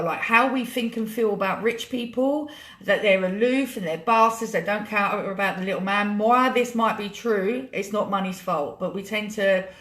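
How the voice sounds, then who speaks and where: A woman's voice: mid-range voice, a bit bright. A British woman coaching her group on a live stream, chatty, emotional and swearing freely. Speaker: money coach hosting a live challenge. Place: home room with a laptop. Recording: echoey room.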